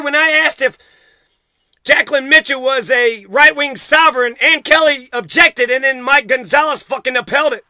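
A man's voice: extremely high pitch, moderate pace, bright, forceful tone, no echo. A man ranting into the camera for his vlog, heated and accusatory, swearing constantly. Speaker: vlogger. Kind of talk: profane angry rant to camera.

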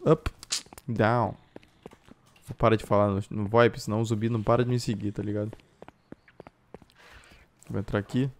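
A man with a Brazilian accent giving live gameplay commentary, switching into excited voice-chat calls, loud outbursts and cursing. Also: lowish voice, a little fast, long pauses. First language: Brazilian Portuguese. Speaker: gaming YouTuber.

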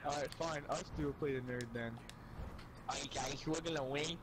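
A man's voice: a little high, fairly even intonation, moderate pace, background noise. A man hosting a playful gaming session, joking and repeating himself with friends in voice chat. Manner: goofy and repetitive. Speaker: gaming channel host.

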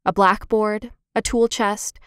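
A woman narrating a children's chapter book in a clear, gentle, expressive reading. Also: mid-range voice, slow pace, no echo, studio quality. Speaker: audiobook narrator. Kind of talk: scripted storybook narration.

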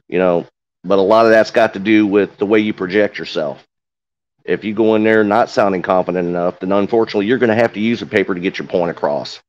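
A man's voice: lowish voice, fast, lo-fi sound. A man with an accent, a corrections veteran speaking plainly on a panel, with many "you know" fillers. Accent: noticeable regional accent. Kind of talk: casual panel talk.

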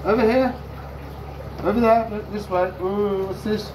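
A man's voice: high voice, little pitch movement, normal speed, noisy background. A man hosting a reptile-feeding vlog, chatting away and coaxing the animals in a sing-song voice. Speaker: reptile keeper and channel host. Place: indoors among reptile tanks.

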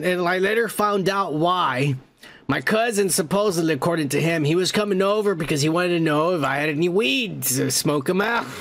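Reading viewer comments aloud on his comedy podcast, a man with a fairly high, fairly bright voice tells loose, casual stories. He swears freely and often breaks into laughter.

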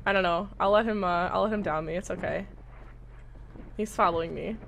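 A woman streaming a game live, commenting in an excitable, profane way and shouting at the game. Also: fairly low pitch, a little fast, gravelly, slight background noise, rough recording.

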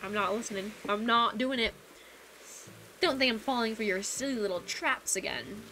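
A woman's voice: fairly high pitch, animated, moderate pace, pushed and bright, slight background noise. A woman streaming a video game, chatting casually with viewers in a playful, teasing way. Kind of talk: casual live-stream chat while playing a game. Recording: game music playing behind the voice. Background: video game background music.

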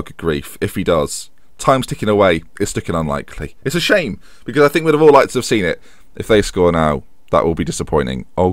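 A man's voice: on the low side, no room sound, clean studio sound. A man giving chatty, jokey let's-play commentary on a football management game as a gaming YouTuber, with self-deprecating asides.

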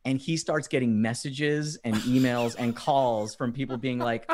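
A man telling funny stories as a podcast guest, animated and often laughing as he acts out quoted messages. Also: mid-range voice, unhurried, few pauses, background noise. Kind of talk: casual storytelling chat.

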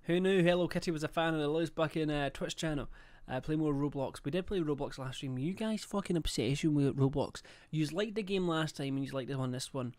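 A man's voice: fairly high pitch, a little fast, hardly any pauses, a little mellow. A young man livestreaming a game, chatting casually, swearing a lot and reading out chat and subscriber messages. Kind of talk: casual live-stream chat.

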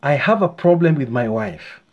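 A man's voice: medium pitch, expressive, normal speed, highs cut off, lightly acted. A man playing a worried, out-of-work husband who stammers and pleads with his doctor. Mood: pleading.

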